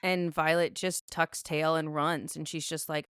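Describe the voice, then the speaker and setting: A woman's voice: low voice, flat delivery, unhurried, clean tone, dry recording, studio quality. A woman co-hosting a podcast, rambling through a casual book discussion and recapping the plot at length. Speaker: podcast co-host.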